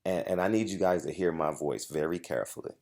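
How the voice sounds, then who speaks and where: A man with a deep, low-pitched voice speaks straight to his audience in a heated monologue. He drives each point home by repeating it and cuts in with short asides to his viewers. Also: fast talker, gravelly, a little mellow. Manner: emphatic, repetitive, confrontational storytelling. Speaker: boxing journalist and channel host. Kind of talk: direct-to-camera monologue.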